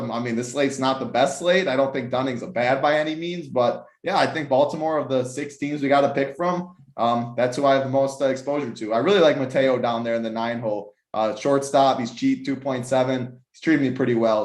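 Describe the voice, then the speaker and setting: A man's voice: medium pitch, steady tone, fairly quick, hardly any pauses. A man breaking down picks on a casual podcast, rambling and thinking aloud. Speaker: sports betting analyst. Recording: roomy echoey mic.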